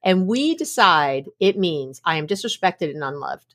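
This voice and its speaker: Speaking fairly low at a moderate pace, this middle-aged woman is a guest expert talking casually about mindfulness. Her storytelling is animated, full of laughter and acted-out quotes from little scenes.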